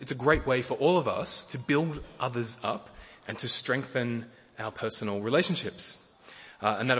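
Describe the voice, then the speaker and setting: A middle-aged man preaching a sermon in a gentle way, often repeating words and using fillers. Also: mid-range voice, slightly rough. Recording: long hall reverb.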